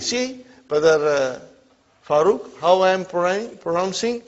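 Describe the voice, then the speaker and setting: A man's voice: high-pitched, big pitch swings, measured pace. A man teaching Arabic to a class, drilling call-and-response phrases and often checking that students are following. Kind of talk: classroom lesson. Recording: muffled lo-fi classroom recording.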